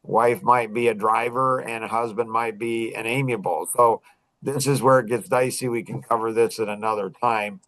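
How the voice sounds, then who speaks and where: Animated man coaching salespeople. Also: medium pitch, normal speed, no echo, rough recording. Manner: animated, acts out sales lines, frequent restarts. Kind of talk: casual teaching talk.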